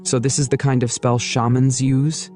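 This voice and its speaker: A man's voice: medium pitch, flat delivery, moderate pace, darkish tone, faint music behind, close to an everyday voice. A man voicing a confident, cheerful young male hero in a plain, easygoing way.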